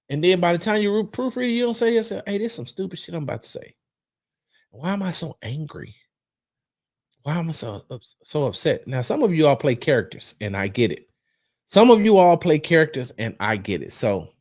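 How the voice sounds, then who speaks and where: A man hosting a casual football fan show from home, swinging between loud bursts and quiet asides. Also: mid-range voice. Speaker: sports podcast host. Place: home room.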